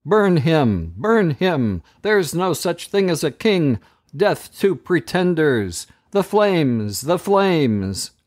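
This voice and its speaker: A bloodthirsty crowd of townspeople from a storybook chants in unison, raised and jeering, pitched well above an ordinary talking voice, as a man reading aloud acts it out. The chant is loud, insistent and merciless. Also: sing-song, slow, no echo, studio quality. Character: jeering mob of townspeople demanding an execution.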